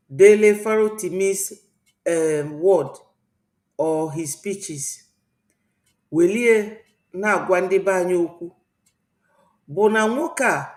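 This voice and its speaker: Igbo-accented woman in a roomy echo. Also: mid-range voice. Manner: rambling, mixes Igbo and English, preachy. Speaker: channel host. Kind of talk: political commentary vlog.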